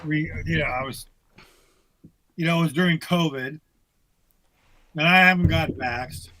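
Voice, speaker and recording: A man's voice: fairly high pitch, a little slow, bright, forceful tone, no room sound, poor audio. A man guesting on a podcast, telling stories bluntly with plenty of swearing in casual conversation. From United States. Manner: profane, blunt storytelling.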